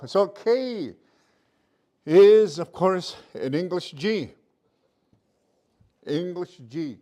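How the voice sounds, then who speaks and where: A man teaches a language class over a video call, talking at an unhurried pace. His voice sits a bit high for a man. He repeats each sound several times and keeps checking that everyone is following. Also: animated, darkish tone. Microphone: computer mic on a video call.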